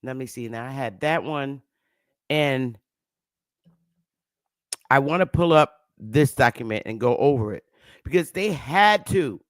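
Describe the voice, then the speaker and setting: A woman's voice: extremely low pitch, animated, a little slow, pauses often, no echo, clean studio sound. A woman giving a casual, emphatic lecture to camera, with repetitive, preachy asides. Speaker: self-styled history teacher.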